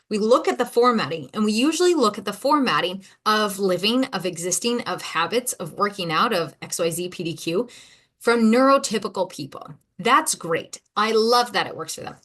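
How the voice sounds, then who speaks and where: A woman talking solo on her podcast as a coach, chatty and unscripted. She rambles, cuts herself off and circles back, repeating words as she goes. Her pitch sits in an ordinary middle range for a woman. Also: a bit bright. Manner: rambling, self-interrupting, repeats words, laughs easily. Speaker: podcast host and ADHD coach. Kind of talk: casual solo podcast monologue.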